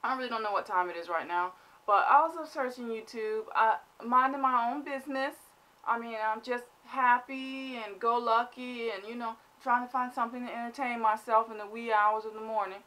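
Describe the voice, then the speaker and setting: Woman vlogger, comic storyteller, slightly high voice, over-the-top delivery. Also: normal speed. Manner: animated, exaggerated, mock-dramatic. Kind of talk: comedic storytelling vlog.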